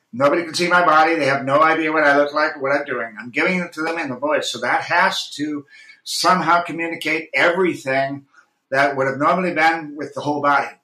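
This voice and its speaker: A male actor and audiobook narrator, appearing as a guest, reflects on his craft in an interview with intense earnestness, fumbling and restarting. His bright, forceful voice sits a little high, and the room is noticeably echoey.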